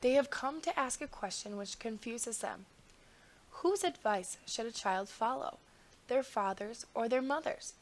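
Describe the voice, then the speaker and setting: Wise young storybook brother, careful and measured, read by a woman. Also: a little high, animated. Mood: explaining.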